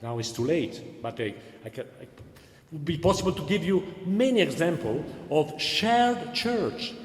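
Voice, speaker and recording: A man's voice: fairly high pitch, lively intonation, moderate pace. A man hosting a panel discussion in earnest, repetitive speech with non-native phrasing. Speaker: Dominican cultural center host. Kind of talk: panel moderation. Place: church. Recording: echoey church hall with long reverb.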